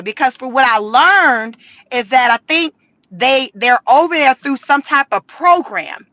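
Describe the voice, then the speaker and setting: This woman vlogger talks to camera from her car, laughing, swearing and using plenty of slang as she animatedly shares stories. Her high voice moves at an unhurried pace.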